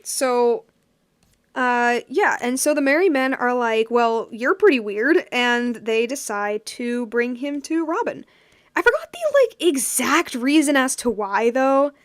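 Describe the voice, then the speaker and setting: A woman's voice: fairly high pitch, expressive, unhurried, clean tone, dry recording, studio quality. A young woman casually retelling a story while drawing, rambling with lots of fillers and giggles. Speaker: streamer drawing and chatting.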